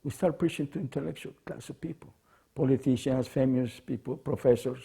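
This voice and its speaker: A man from Mexico, calmly telling a personal memory. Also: medium pitch, fairly quick, vocal fry, slightly rough. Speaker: devotee recalling memories. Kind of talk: personal reminiscence.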